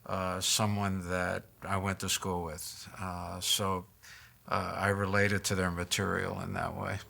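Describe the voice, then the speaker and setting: A man giving measured, hesitant interview commentary with filler pauses. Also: low voice, flat delivery, gravelly, sharp tone.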